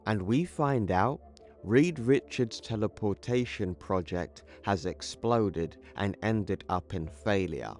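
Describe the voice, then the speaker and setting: Slow low-voiced man narrating comics. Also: animated, a little mellow. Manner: casual, conversational. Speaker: comic book YouTuber. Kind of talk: comic book recap narration.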